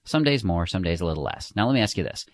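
Brief: a man playing a patient salesman, low, unhurried, soothing. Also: slight background noise. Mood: calm. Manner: calm, measured, soothing. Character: calm, patient male store salesman.

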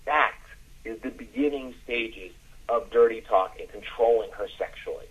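A man coaching listeners on a podcast, dropping his voice low to demonstrate as he explains. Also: moderate pace, husky, low-quality recording. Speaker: dating coach. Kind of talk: instructional podcast talk.

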